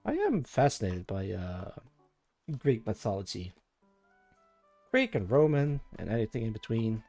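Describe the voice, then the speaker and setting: A man's voice: on the low side, wildly swooping pitch, a little slow, mellow, no room sound, soft background music. A man streaming live, chatting casually and thinking aloud as he rambles through tangents with his viewers.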